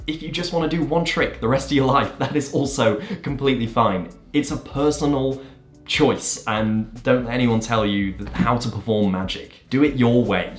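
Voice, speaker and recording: Magician guy doing a viewer q&a, super enthusiastic and emphatic, mid pitch, bit of room echo. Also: moderate pace, faint music behind. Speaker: magician and video host. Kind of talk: Q&A video answering viewer questions. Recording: roomy echo.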